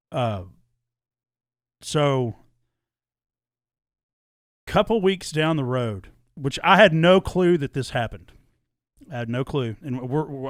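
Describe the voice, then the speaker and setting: A man's voice: medium pitch, no room sound, clean studio sound. A middle-aged man telling a long personal story in casual podcast chat, acting out the dialogue and swearing freely. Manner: animated, acts out quoted dialogue, swears freely.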